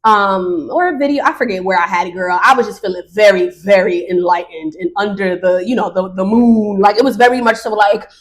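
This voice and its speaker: A woman around thirty hosting her own podcast, talking casually and off the cuff in an animated, slangy way with laughs. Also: medium pitch, brisk, few pauses. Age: 30s. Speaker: podcast host. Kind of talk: casual solo podcast monologue.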